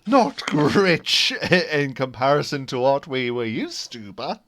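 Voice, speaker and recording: A man playing a tabletop game, speaking slowly and formally in character as a proud father. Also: medium pitch, big pitch swings, a bit bright. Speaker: player. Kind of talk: casual chat and in-character speech at a tabletop game.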